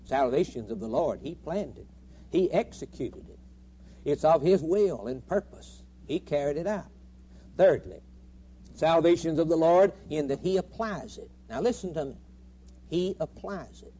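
A man's voice: a little high, lively intonation, a little slow, dark tone, breathy edge. A man preaching a sermon with emphatic, rhythmic repetition.

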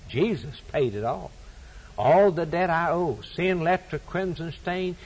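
A man's voice: fairly high pitch, unhurried, a little mellow, breathy edge, rough recording. A man preaching a sermon, with an emphatic, repetitive preaching cadence.

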